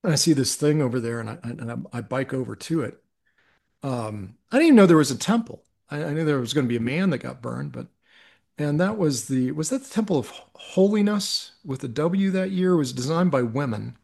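A man's voice: a little high, lively intonation, a little fast, gravelly, a little mellow. A middle-aged man, a podcast guest, telling a personal story in an earnest, reflective way, with frequent restarts.

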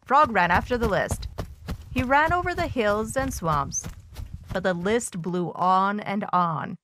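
A woman reading a children's story aloud in a gentle, measured way. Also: mid-range voice, animated, a little hiss or hum.

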